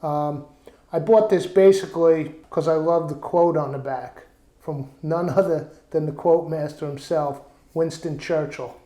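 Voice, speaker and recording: Man, host of a casual video show, chatty and easygoing, mellow tone, slightly raised pitch, roomy echo. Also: unhurried. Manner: relaxed, chatty, reads a quote aloud. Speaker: vlogger. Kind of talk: casual chat. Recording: echoey room.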